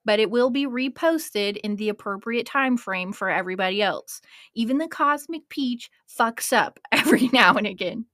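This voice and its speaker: A woman's voice: a little high, expressive, moderate pace, a bit bright, dry recording, studio quality. A woman in her twenties hosting a podcast, chatting casually and emotionally and swearing now and then. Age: 20s. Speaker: podcast host.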